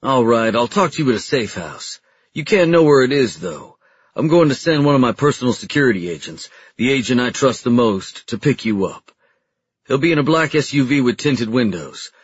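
A man with a husky voice voicing a stern, powerful federal agency chief in an audiobook who talks in a cold, cutting way. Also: mid-range voice, sing-song, moderate pace, no echo, highs cut off.

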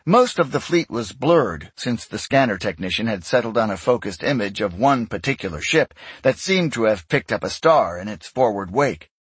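Male audiobook narrator, husky, animated pitch, steady measured read. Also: no room sound. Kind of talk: scripted narration.

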